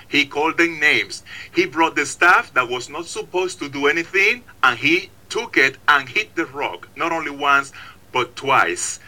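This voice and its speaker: Bright-voiced emphatic male preacher. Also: fairly high pitch, expressive, normal speed, low-quality recording. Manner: emphatic, repetitive, dramatizing stories. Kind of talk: sermon.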